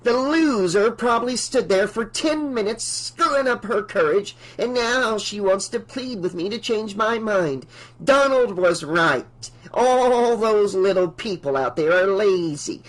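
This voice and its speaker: A man voicing a spiteful, shrill old woman landlord who shrieks and scorns in a storybook reading. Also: rough recording.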